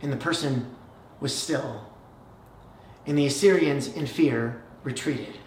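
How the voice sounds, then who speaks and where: Animated preacher in a roomy hall. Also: medium pitch, takes it slowly, recorded from a distance, a little hiss or hum. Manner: animated storytelling, shifts between hushed and loud. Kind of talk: sermon.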